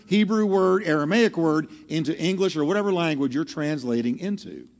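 A man preaching a teaching sermon to a congregation, animated and often asking the audience questions. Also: high voice. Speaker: pastor. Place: church hall with live audience. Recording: long hall reverb.

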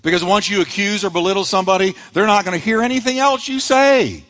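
A man's voice: high-pitched, fast. Man preaching in a reverberant hall. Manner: animated preaching, acts out quoted lines. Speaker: pastor. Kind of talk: sermon.

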